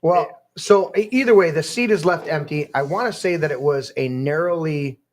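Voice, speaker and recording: A male podcast host rants casually while reading news articles aloud. His voice sits somewhat high, and he rambles, swears and trips over his words. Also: normal speed.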